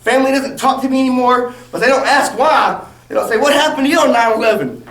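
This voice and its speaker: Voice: sits high, fast talker, a bit bright. A protester gives an outraged, repetitive, emphatic public speech. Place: public gathering. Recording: echoey, from far off, with music and crowd.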